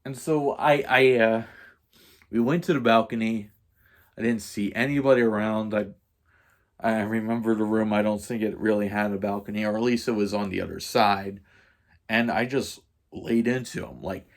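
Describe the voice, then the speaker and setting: A man tells a story as a casual vlog rant, his voice sitting a little low. He swears freely and loses his thread often, restarting sentences and leaning on fillers. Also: steady tone, normal speed. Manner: profane, rambling, frequent fillers and restarts. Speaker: vlogger.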